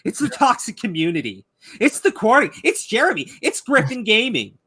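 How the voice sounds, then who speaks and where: A man's voice: high voice, sing-song, sharp tone, breathy edge. A man hosting a commentary stream, ranting angrily and swearing heavily. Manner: angry, profane, rapid ranting. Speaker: YouTube commentary host.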